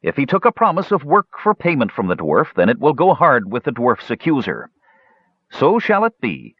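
A man voicing a calm, authoritative male healer who speaks in formal, commanding pronouncements. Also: mid-range voice, moderate pace, husky, no room sound, voice pushed up. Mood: decisive. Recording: dull, dry lo-fi audiobook recording.

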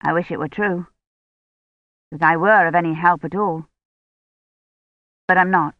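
A woman narrating a first-person audiobook in an earnest, quietly worried diary-reading manner, in a dull lo-fi recording. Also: lowish voice, fairly even intonation, a little slow, no echo.

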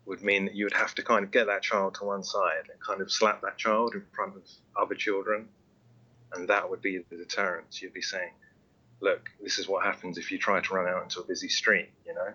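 A man joining a podcast discussion on a call, halting, with many fillers and restarts. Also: deep voice, level tone, bright, forceful tone, lo-fi sound. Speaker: podcast guest.

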